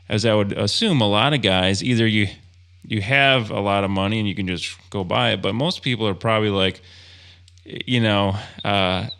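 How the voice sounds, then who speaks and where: A man with a low, gravelly voice hosts a podcast interview. He talks casually, working through his thoughts aloud with frequent fillers. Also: fairly bright tone. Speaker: podcast host.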